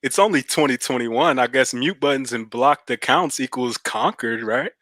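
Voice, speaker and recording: A man calling into a debate stream, answering calmly and slowly with a sarcastic edge. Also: medium pitch, no room sound. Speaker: caller. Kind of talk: call-in debate.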